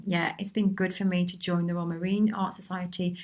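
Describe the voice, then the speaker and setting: A woman's voice: fairly low pitch, little pitch movement, brisk, darkish tone. Chatty woman hosting a live Q&A. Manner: chatty and encouraging, with many restarts and asides; reads out viewers' comments and replies to them. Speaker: workshop host answering viewer questions. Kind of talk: casual live Q&A.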